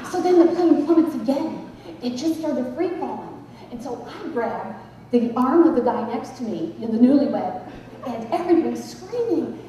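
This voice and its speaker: High-voiced woman telling a lively story. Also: moderate pace. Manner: lively, dramatic, animated. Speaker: psychic, conference speaker. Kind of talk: humorous storytelling talk. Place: large conference hall. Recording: echoey hall, distant mic, background noise.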